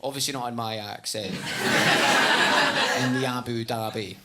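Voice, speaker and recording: A man's voice: mid-range voice, wildly swooping pitch, takes it slowly. A man doing stand-up on a club stage, telling a self-mocking story in a chatty way and acting out the people in it. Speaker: stand-up comedian. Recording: live club recording with noise.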